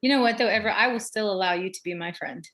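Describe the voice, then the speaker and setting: A woman's voice: medium pitch, fast, a bit bright. A woman from Missouri with a Midwestern accent, a friendly, easygoing podcast guest on a video call. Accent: Midwestern American. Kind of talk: casual interview chat.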